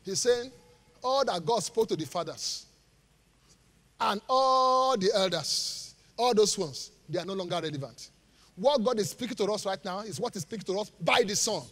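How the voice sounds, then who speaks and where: A high-pitched pastor preaches a lively sermon, his voice swinging up and down as he fires rhetorical questions at the congregation. His tone is bright and cutting, and the live recording carries the long reverb of a large church hall. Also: moderate pace. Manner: animated preaching, rhetorical questions, laughing asides.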